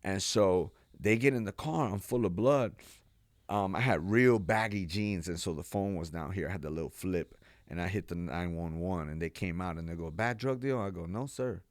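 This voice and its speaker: A man from Texas, a pastor and podcast guest, telling his life story in a lively, animated way, acting out what people said and laughing now and then. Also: low voice, normal speed, dry recording, clean studio sound. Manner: animated storyteller, acts out quotes, laughs often. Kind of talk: storytelling interview.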